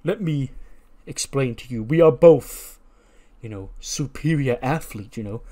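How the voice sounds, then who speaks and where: A man voicing a big male wrestler who speaks slowly and pompously, using fancy words. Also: medium pitch, lively intonation, warm tone, close to an everyday voice. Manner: slow, pompous, wordy.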